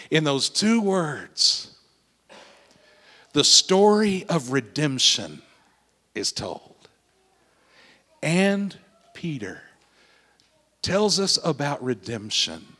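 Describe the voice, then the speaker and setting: Slow, dramatic preacher man. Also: a little high, very animated, long reverb tail. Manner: dramatic storytelling, swelling then dropping to a hush. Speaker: pastor. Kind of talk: sermon.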